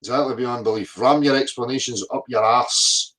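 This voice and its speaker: A man's voice: mid-range voice, normal speed, a bit bright. A middle-aged man, ranting profanely at viewer comments, abrasive and mocking. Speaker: flat earth video commentator. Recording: voice a bit distant from the mic.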